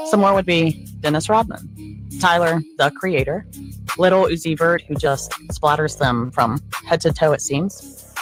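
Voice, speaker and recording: A woman reading a scripted voice-over narration in a sly, insinuating tone, dropping knowing asides. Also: deep voice. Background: music bed.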